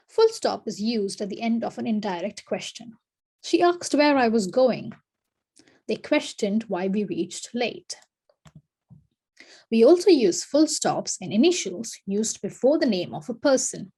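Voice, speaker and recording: Husky-voiced woman teaching a lesson. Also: medium pitch, darkish tone. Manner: reads example sentences with lifted, emphatic delivery. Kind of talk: scripted lesson narration.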